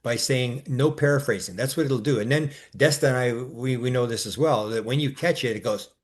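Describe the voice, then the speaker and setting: A man co-hosting a casual discussion, talking in long rambling stretches full of restarts and filler sounds, and growing animated as he recounts his exchanges. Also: mid-range voice, fairly quick. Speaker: co-host.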